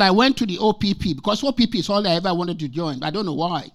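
A man's voice: sits high, fast talker, fairly bright tone. A man in his sixties from Nigeria, preaching as a guest speaker and telling stories from his own life. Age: 60s. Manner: emphatic, repeats scripture lines, tells personal stories. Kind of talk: sermon.

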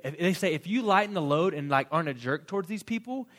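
Man, sermon, casual and animated, slightly high voice, quick asides. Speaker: pastor.

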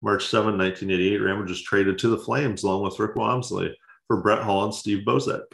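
A man co-hosting a casual podcast with a low voice and a gravelly edge. He drops dry jokes and laughs easily, and the room gives his voice a noticeable echo. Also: steady tone, a little fast, a bit bright. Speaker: podcast co-host. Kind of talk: casual chat. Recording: roomy echo.

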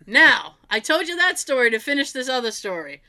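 A woman co-hosts a relaxed chat, her voice bright and sitting a little high. She tells family stories with animated energy, swears casually and acts out what her relatives said. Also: fairly quick.

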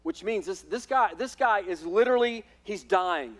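A pastor with a high voice preaching in a church. He talks emphatically and conversationally, repeating words as he goes. He keeps his listeners engaged with "listen" and "right?". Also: animated, normal speed. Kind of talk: sermon. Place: church in front of a congregation.

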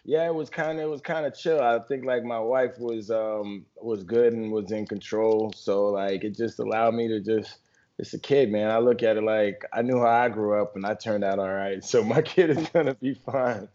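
Relaxed easygoing man on a podcast. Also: fairly low pitch, moderate pace. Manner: relaxed, easygoing, laughs often. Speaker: podcast co-host. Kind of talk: casual chat. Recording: dull lo-fi podcast audio.

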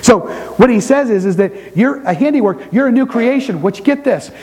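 Male pastor, high-pitched, animated preaching with storytelling asides. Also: normal speed, low-quality recording. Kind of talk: sermon. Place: church sanctuary before a congregation.

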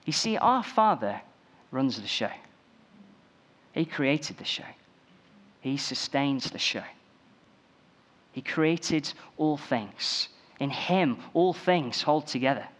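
A man's voice: a little high, lively intonation, slow, long pauses, a bit bright. A man preaching a sermon, building emphasis through repeated phrases.

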